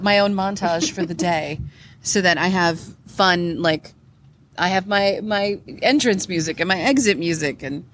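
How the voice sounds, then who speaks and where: A woman's voice: medium pitch, a bit bright, slight background noise. A woman co-hosting a podcast live at a convention, chatting eagerly with lots of fillers and giggles. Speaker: podcast co-host. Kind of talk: casual chat recorded live at a convention. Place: convention hall behind a curtain.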